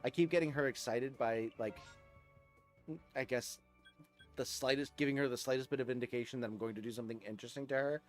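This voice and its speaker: Young guy streaming a game, casual and rambly, medium voice, quiet music underneath. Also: medium pitch, fast. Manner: soft cooing to his dog, rambling with many fillers. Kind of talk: casual live-stream chat.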